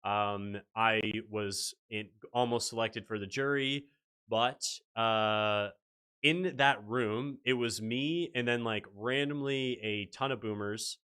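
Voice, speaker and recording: A man's voice: fairly low pitch, slow, clear, resonant tone. A man hosting a casual livestream, telling stories with animation and answering chat. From Canada. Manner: animated storyteller reading chat aloud. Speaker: livestream host.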